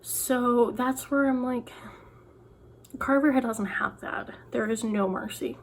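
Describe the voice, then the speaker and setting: A young woman author chats in a loose, rambling way, often restarting her sentences. Her voice sits a little high. A faint hum of background sound runs under the whole recording. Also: slow pace. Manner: chatty, rambling, full of "like" and restarts. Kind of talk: casual vlog chat.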